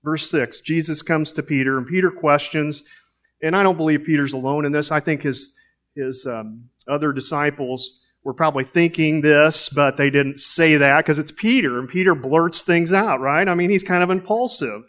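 A man's voice: a little high, normal speed, a bit bright. A man preaching a sermon in a conversational way, asking rhetorical questions.

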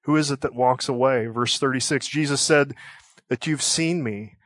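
Guy preaching a sermon, earnest, slows way down on the big lines, dry close recording. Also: medium pitch, a bit bright, no room sound. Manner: earnest, slows for emphasis on quoted scripture. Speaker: pastor.

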